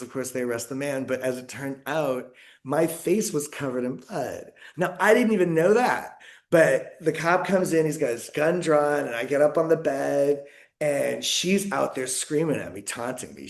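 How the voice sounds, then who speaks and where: A man's voice: a little high, moderate pace. A man from the United States, a podcast guest in casual conversation, talking in a rambling, reflective way with many fillers and restarts.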